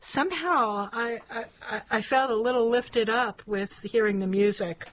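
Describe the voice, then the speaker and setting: Slow, gentle woman interviewer. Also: a little high, poor audio. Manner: slow, halting, gently appreciative. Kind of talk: casual interview conversation.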